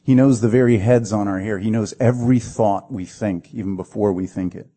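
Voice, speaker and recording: Guy preaching a sermon, low warm voice, gets dramatic. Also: a little fast, breathy edge. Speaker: pastor.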